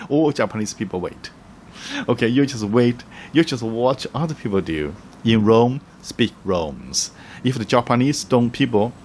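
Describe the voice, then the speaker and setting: A man giving travel tips in a casual, halting way, with many fillers, restarts and frequent chuckles. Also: lowish voice, slight background noise. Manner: chuckles often, acts out little quoted voices. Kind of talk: casual explaining to camera.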